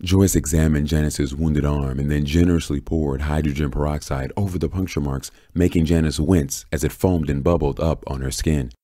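A man narrating an audiobook with deep, measured storytelling. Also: fairly even intonation, dark tone, no echo. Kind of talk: scripted narration.

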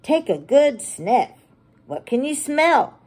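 A woman's voice: sits high, sing-song, takes it slowly, a little mellow, heavily acted. Woman doing a cheery rabbit lady leading games. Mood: instructing. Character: cheery grown-up female rabbit party leader.

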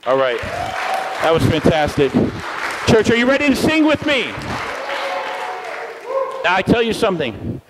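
An energetic man leads a church crowd through chants and call-and-response in a high, bright voice that swoops up and down. His words ring out with a long reverb through the church hall. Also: normal speed, long pauses, heavy background noise. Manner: energetic and playful, leading the crowd in repeated chants. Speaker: guest speaker at a church service.

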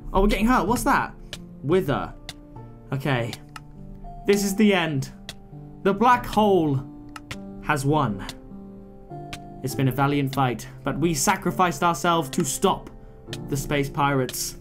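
A young man hosting a relaxed gaming video, chatting in a playful, mock-dramatic way. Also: fairly high pitch, a little slow, pauses often. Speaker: gaming channel host. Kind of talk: relaxed let's-play commentary. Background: faint game music.

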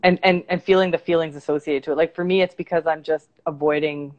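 A woman's voice: low-pitched, fairly even intonation, quick pace, darkish tone, highs cut off. A woman life coach talking candidly and reflectively about feelings in a casual video call interview. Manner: reflective and candid, talks things through with many "like"s. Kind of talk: casual conversation on a livestream interview.

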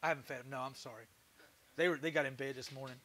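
A man's voice: medium pitch, fairly even intonation, very fast, bright, forceful tone. A man with a Texan accent hosting a woodworking livestream, laid-back and chatty, laughing often and swearing casually. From Texas. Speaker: livestream host, woodturner.

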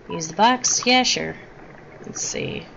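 A woman casually commenting on a video game while reading its text aloud, chatty and quick to apologize, with game music behind. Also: medium pitch, vocal fry, a bit bright, highs cut off, a little hiss or hum. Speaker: gamer. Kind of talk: casual let's-play commentary.

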